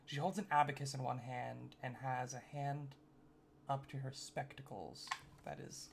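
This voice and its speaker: A man's voice: medium pitch, little pitch movement, a little slow, vocal fry, a little hiss or hum. A man narrating a tabletop game as game master, rambling with fillers and joking asides.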